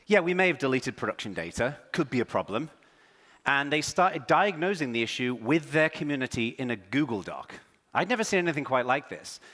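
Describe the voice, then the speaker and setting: Bright, upbeat English man on stage. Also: mid-range voice, in a large hall. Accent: English with American influence. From England. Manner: energetic, joking, self-deprecating, swears casually. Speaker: keynote speaker. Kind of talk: conference keynote talk. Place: large conference hall on stage.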